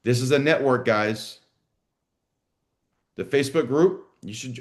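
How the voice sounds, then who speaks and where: A business coach for martial arts school owners runs a live online session, blunt, salty and energetic, often acting out both sides of a conversation. His voice sits at medium pitch, with a moderate pace and frequent pauses.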